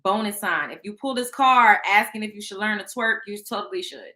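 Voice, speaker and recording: A woman hosting a show, chatting casually with viewers and reading out tarot cards in a loud, animated, profane way. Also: medium pitch, brisk. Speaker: show host.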